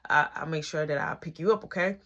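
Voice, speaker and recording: A calm, soft-spoken father, as a woman puts him on, dropping well below her usual pitch. He talks quietly and evenly, in a hushed, low voice. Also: fast, muffled recording.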